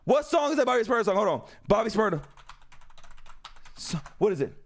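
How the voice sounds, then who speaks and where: Young man, very high voice, rapid talk, casual rowdy storytelling on stream. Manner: animated, loose and profane, with shouted bursts and laughs.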